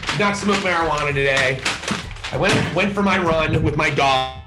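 A man hosting a live show as a fired-up, agitated solo rant, swearing and often shouting. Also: fairly high pitch, normal speed, over loud music, rough recording. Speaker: wrestling commentary host.

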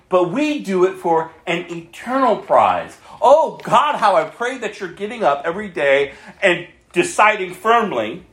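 A male pastor preaching with a fairly high voice, earnest and warm, often chuckling between points. He reads scripture aloud to his church. The sound rings in a reverberant room. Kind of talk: sermon.

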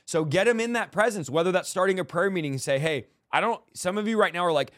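A man hosts a Christian podcast, his voice sitting a little high and sounding dry and close to the mic. He talks with a preacher's lift, pushing points with energy and tossing in quick "come on" affirmations while his guest speaks. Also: a bit bright, no echo. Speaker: podcast host. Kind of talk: casual Christian podcast talk.

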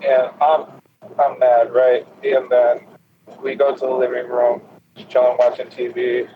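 A man's voice: mid-range voice, flat delivery, measured pace. A young man casually telling a crude, profane story to friends, laughing often and acting out what people said. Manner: profane, laughing, acts out quotes. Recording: lo-fi with loud noise.

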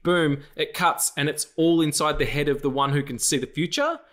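A man's voice: fairly high pitch, moderate pace. Profane rambling male podcast host. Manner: rambling, profane, animated rants with silly noises. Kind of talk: casual film podcast chat.

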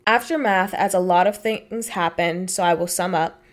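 A woman's voice: lowish voice, normal speed. A young woman co-hosting a podcast, reading stories aloud and chatting in a blunt, matter-of-fact way with casual swearing. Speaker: podcast co-host.

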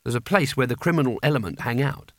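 A man voicing a sharp-tongued young woman warrior who speaks bluntly and sounds exasperated. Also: medium pitch, fast talker, no room sound, clean studio sound, lightly acted.

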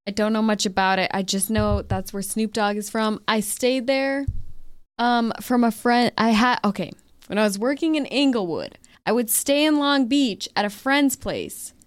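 Blunt, high-voiced tipsy woman. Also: lively intonation, no echo, studio quality. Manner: blunt, quick questions and reactions. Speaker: podcast co-host. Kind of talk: casual chat.

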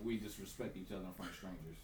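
A man in a casual podcast chat who explains his points in a lively way, laughing as he goes. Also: low-pitched, fast, reverberant, recorded from a distance, over a noisy crowd.

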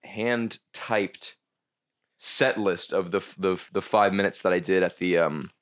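A young man, a stand-up comedian, chatting casually on a podcast, rambling and halting with many restarts and curses. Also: low voice, a bit bright.

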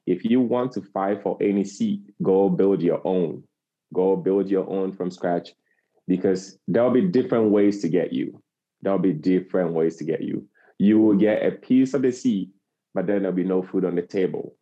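A man's voice: sits low, normal speed, mellow. A man in his forties from Africa, a guest speaking earnestly and passionately, repeating phrases for emphasis. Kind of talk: earnest interview talk. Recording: slightly dull lo-fi recording.

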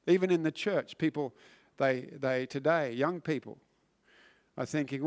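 A man preaching a sermon, earnest and emphatic, often restarting words and swinging from loud to hushed. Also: a little high, unhurried. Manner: frequent word restarts.

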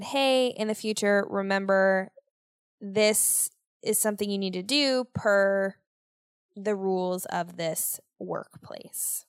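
A woman's voice: mid-range voice, gravelly, smooth, no echo, studio quality. A young woman hosting her own podcast, talking alone in a rambling, self-deprecating way and swearing casually. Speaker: podcast host. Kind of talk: casual solo podcast monologue.

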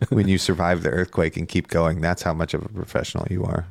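A man with a low voice tells a long story in an easygoing, rambling way, swearing now and then. The sound is dry and close to the mic, with no room around it. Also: a little fast, gravelly, a little mellow, no echo. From Northern California. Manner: rambling storyteller, laid-back and profane. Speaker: podcast co-host. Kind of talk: casual chat.

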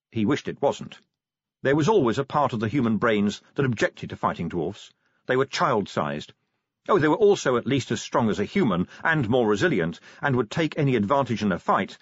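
A man narrating an audiobook in a husky voice. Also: medium pitch, no echo. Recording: dull dry lo-fi recording.

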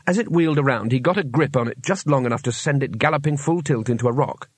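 A man narrating a fantasy novel audiobook in an even storytelling manner. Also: mid-range voice, fast, husky, no echo. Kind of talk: scripted narration.

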